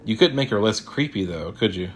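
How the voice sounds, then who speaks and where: A man voicing a calm, practical male companion who speaks in a weary, matter-of-fact way. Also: lowish voice, brisk, faint music behind, close to an everyday voice.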